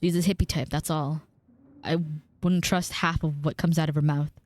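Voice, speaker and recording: A woman's voice: low voice, fairly even intonation, moderate pace, darkish tone, close to an everyday voice. A woman reading the lines of a curt, dismissive young woman cousin from a story game, clipped and skeptical. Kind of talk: reading game dialogue aloud.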